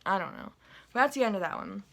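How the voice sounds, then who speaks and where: A woman's voice: mid-range voice, huge pitch swings, quick pace, gravelly. A woman casually telling a dream to her viewers in a rambling way, full of fillers and asides. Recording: phone recording, unedited.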